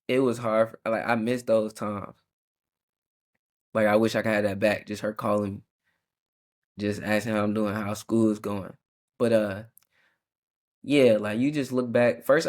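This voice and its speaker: A young man hosting a faith podcast, reflecting in a casual, slangy way with frequent restarts and self-corrections. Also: on the low side. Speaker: podcast host.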